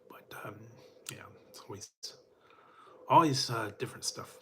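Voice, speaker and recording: A man's voice: mid-range voice, normal speed, in a whisper. A middle-aged man hosting a casual chat with his live viewers, rambling in a laid-back way with frequent chuckles and fillers. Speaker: food reviewer.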